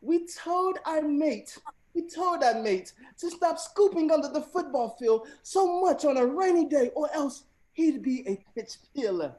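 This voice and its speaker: A man's voice: extremely high pitch, expressive, measured pace, darkish tone, voice pushed up. Man doing a shaky put-on British accent, stumbling and playful. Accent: attempted British. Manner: hesitant, tripping over the words.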